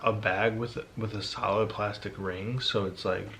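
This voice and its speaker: A young man with a somewhat low voice tells his part of the story casually and with energy, acting out what others said. Faint noise runs under the home recording. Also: moderate pace, vocal fry. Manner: animated, acts out quotes, says like a lot. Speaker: vlogger, partner telling his side. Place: home at night.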